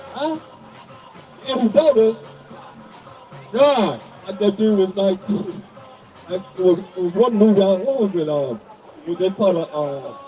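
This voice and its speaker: Male street preacher, fiery sermon, high mellow voice, distant mic. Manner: preaching to passersby, calling out to the crowd.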